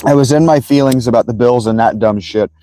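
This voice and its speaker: A man hosting a casual livestream, telling a rambling, profane, animated story to his viewers. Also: mid-range voice, fairly quick, rough recording. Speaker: livestream host.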